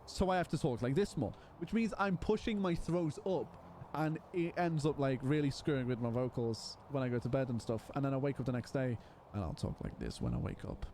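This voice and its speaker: A man's voice: medium pitch, fairly quick, darkish tone, a little hiss or hum. A man chatting casually while streaming a game, rambling with frequent restarts. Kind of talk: casual live-stream chat while playing.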